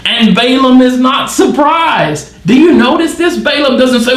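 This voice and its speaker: A man's voice: very high voice, expressive, measured pace, a bit bright, reverberant. A man leading a midweek Bible study, reading scripture and wondering aloud at it with many questions. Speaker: church Bible teacher.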